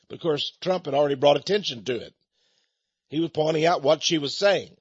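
A man's voice: a little high, brisk, slightly rough, no echo, lo-fi sound. A man hosting a ministry broadcast, delivering a rambling, emphatic monologue full of repeated phrases and restarts.

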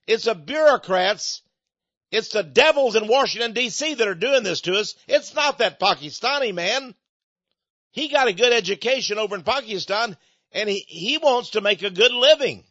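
An older man with a notably high voice hosts a talk show, rambling through a political monologue and stumbling over repeated words as he presses his point. The recording is dull and lo-fi, with a close, dry sound. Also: animated, normal speed, fairly bright tone, no room sound.

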